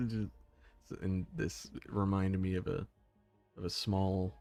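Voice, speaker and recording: A man's voice: sits low, slow, gravelly, darkish tone. A young man streaming, chatting casually with viewers, swearing freely and laughing often.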